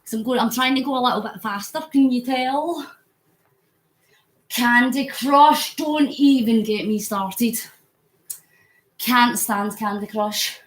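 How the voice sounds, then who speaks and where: A woman's voice: on the high side, slow pace, long pauses, roomy sound. A Scottish woman chatting casually to viewers on a phone live stream while pedalling an exercise bike, reading out comments and getting sweaty. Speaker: vlogger live-streaming a charity cycle. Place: indoors at home on an exercise bike.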